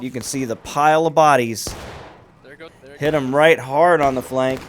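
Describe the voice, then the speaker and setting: A man hosting and commentating a large online battle game with lively, amused play-by-play. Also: medium pitch. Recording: commentary over loud battle crowd noise. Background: crowd and gunfire of a large online battle.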